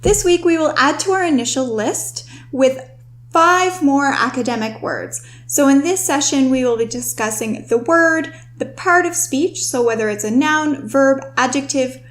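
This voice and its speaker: A young woman with a fairly high voice hosts a scripted vocabulary lesson. She explains each word clearly and instructively, and she slows down to stress the key terms. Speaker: host and writing tutor.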